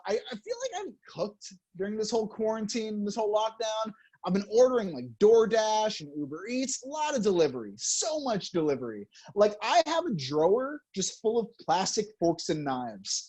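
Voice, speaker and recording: A young man performing a stand-up comedy set, loud and chuckling at his own jokes. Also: high-pitched, sing-song, moderate pace. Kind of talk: stand-up routine.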